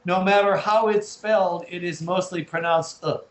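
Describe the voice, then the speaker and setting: A man's voice: high voice, fairly even intonation, moderate pace, echoey room, poor audio. An American man teaching an English lesson over a video call, patiently sounding out and spelling words.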